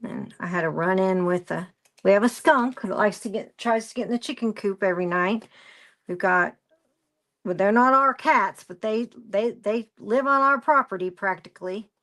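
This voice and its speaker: A woman's voice: medium pitch, moderate pace, fairly bright tone. A woman presenting a craft live stream, rambling through a story and greeting viewers by name as she works. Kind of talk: casual chat while crafting.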